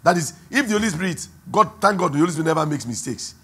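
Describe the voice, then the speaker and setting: A Nigerian pastor delivers a sermon in a somewhat high, husky voice. He drops to low, quiet asides, then climbs into loud, stretched-out lines for emphasis. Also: lively intonation. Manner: preaching with sudden loud rises and drawn-out emphasis. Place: church hall.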